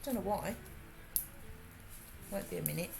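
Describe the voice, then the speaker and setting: A woman's voice: on the low side, animated, a little slow, creaky, over loud music. A woman with a Birmingham accent, chatting casually and laughing while she works on a craft during a livestream. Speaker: livestream host.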